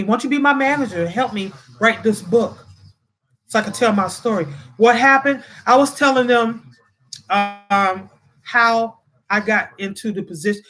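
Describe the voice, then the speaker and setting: A woman's voice: a little high, a bit bright. A woman hosting a casual livestream, close to tears and talking straight to her viewers, often repeating herself. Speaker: livestream host. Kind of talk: casual livestream chat reading comments.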